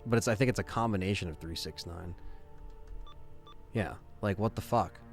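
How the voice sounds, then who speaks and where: A man chatting casually while streaming a game live, excitable and quick to swear. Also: sits low, faint music behind. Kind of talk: casual live gameplay chat.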